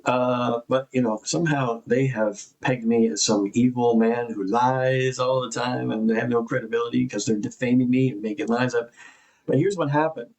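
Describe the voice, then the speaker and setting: A man's voice: mid-range voice, fairly even intonation, moderate pace, vocal fry, a little mellow, poor audio. A man, an investigative journalist, talking in a casual, joking way with lots of fillers and restarts. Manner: informal, joking, rambling with fillers. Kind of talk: casual conversation.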